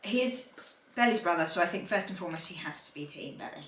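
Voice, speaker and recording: Laid-back bright woman, echoey room. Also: fairly low pitch, animated, quick pace. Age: 20s. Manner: laid-back, brief replies. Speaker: podcast co-host. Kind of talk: casual chat. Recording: roomy room, distant mic, faint hiss.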